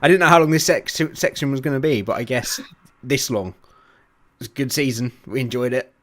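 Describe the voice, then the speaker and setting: A man's voice: medium pitch, normal speed. A man hosting a casual sports podcast who steers the chat and laughs easily. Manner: chatty, steering the talk, laughs often. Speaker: podcast host.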